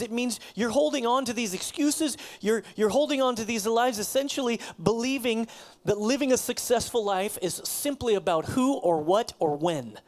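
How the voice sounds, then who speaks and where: Preaching man dropping to near whispers. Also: high-pitched. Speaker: pastor. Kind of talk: sermon.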